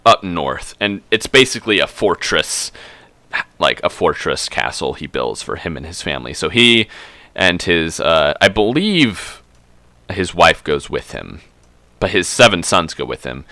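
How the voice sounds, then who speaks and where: A man casually retelling a fantasy book over a drink, rambling, swearing and correcting himself. His voice is low but bright and forceful. The sound is dry and close. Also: dry recording. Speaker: streamer.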